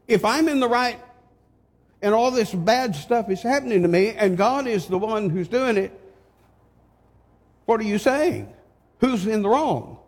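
Older male preacher, slightly high voice, slow and deliberate, heavy reverb. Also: darkish tone. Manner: slow, emphatic preaching with rhetorical questions. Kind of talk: sermon. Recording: long hall reverb.

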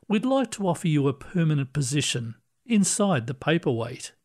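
A man reading aloud, voicing a kindly, calm male ghost librarian who speaks gently and reassuringly. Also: a little high, moderate pace. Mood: gentle. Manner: gentle, reassuring, soft-spoken.

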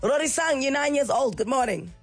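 A woman radio host, a little croaky from illness, chatting playfully on breakfast radio. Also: high-pitched, fairly quick, faint music behind. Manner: playful, animated.

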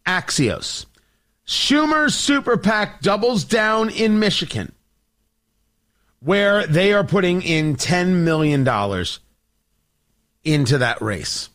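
Male political show host, high-pitched and very animated, sarcastic monologue delivery. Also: takes it slowly, long pauses. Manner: sarcastic, theatrical, addresses the audience directly.

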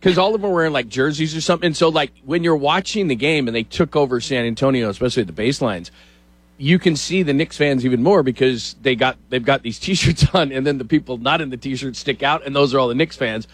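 A middle-aged man hosts a casual sports talk show and rambles through stories with animated asides. His voice sits at an ordinary pitch for a man. The recording is close and dry, with no room sound. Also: quick pace, no echo. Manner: chatty storyteller, animated asides.

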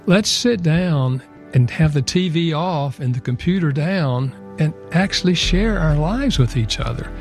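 Gravelly guy explaining stuff point by point on a radio interview, kinda high voice. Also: unhurried, soft background music. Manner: earnest, explanatory, lists points calmly. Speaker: author and guest.

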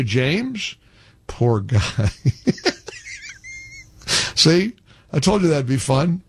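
A middle-aged man hosting a call-in radio talk show, animated and sarcastic, full of wisecracks. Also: on the high side, takes it slowly, long pauses, slight background noise.

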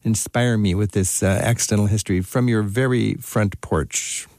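A man's voice: lowish voice, fairly even intonation, normal speed, darkish tone, no echo, clean studio sound. A man hosting a travel radio show, interviewing a guest in an enthusiastic, chatty way with frequent fillers.

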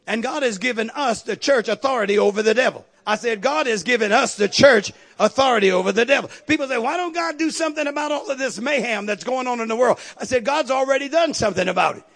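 A man's voice: extremely high pitch, quick pace, vocal fry, few pauses, fairly bright tone. A male pastor preaching a sermon with call-and-response, building to emphatic outbursts.

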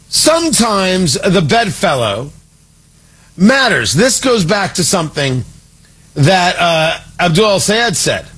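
A man's voice: sits high, a bit bright, slightly rough. A man delivering a sarcastic, exasperated political opinion monologue as a commentator.

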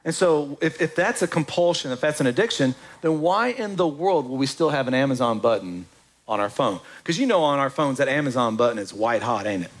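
A man preaching a sermon in an animated, conversational way, with quick asides to the congregation. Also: medium pitch. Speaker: pastor.

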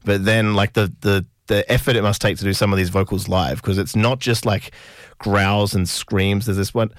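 A man's voice: fairly low pitch, steady tone, moderate pace, dry recording, clean studio sound. A man hosting a casual interview, enthusiastic and sweary, full of restarts. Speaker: podcast host.

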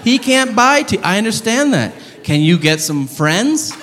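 His voice sits high, sing-song and a little slow, as this stand-up comedian spins a profane tale and shouts loudly while playing its characters. Audience laughter rises over the long reverb and room noise of the live club recording.

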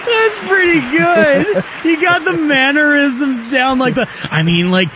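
A man co-hosting a casual sports talk show, easygoing and quick to laugh. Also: very high voice, lively intonation, background noise. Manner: giggly, easygoing banter.

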